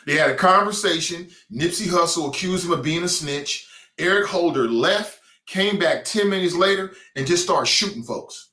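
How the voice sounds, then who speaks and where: A man's voice: sits high, normal speed, bright, forceful tone, echoey room. A man hosting a talk show with a Cincinnati accent, delivering a blunt, mocking, streetwise opinion monologue.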